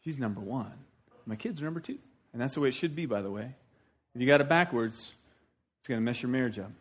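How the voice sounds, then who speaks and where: A middle-aged man preaching a sermon, telling the story in a folksy, animated way with sudden loud outbursts. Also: mid-range voice, fast, husky. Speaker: pastor.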